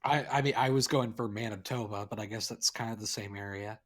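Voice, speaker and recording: A man's voice: on the low side, steady tone, a little fast, a bit bright. A man from the American Midwest chatting casually on a podcast, peppering his talk with "like". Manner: chatty, lots of "like". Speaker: podcast guest. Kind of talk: casual chat.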